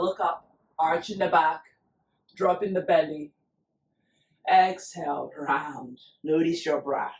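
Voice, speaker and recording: A yoga teacher leads a class in an unhurried, soothing way, pacing each cue to the breath. The voice sits back from the mic in a roomy space with a clear echo, and gentle music plays faintly beneath. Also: mid-range voice, recorded from a distance. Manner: slow, soothing cues paced to the breath. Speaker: yoga instructor. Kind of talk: guided yoga class instruction.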